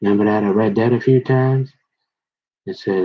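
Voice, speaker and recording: A husky, low-voiced middle-aged man rambling through a folksy monologue, with a confrontational, slangy manner. The recording is dull and lo-fi. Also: brisk. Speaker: vlogger.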